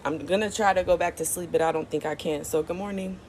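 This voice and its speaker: A woman's voice: on the low side, steady tone, quick pace, heavy background noise. A young woman venting tearfully to her phone at home, blunt, profane and rambling. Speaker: social media vlogger. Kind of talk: emotional venting vlog. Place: at home early morning.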